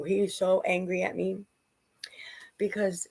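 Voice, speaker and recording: A woman's voice: on the low side, moderate pace, vocal fry, slightly rough, low-quality recording. A woman who is a mother, rambling and agitated as she tells a personal story in a vlog. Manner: rambling and agitated, quoting others.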